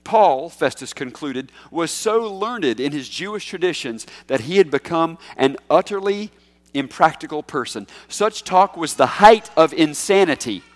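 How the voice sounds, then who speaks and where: A man preaching a sermon in a conversational, emphatic way, with big swings in pitch and loudness. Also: animated, measured pace. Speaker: pastor. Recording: echoey hall.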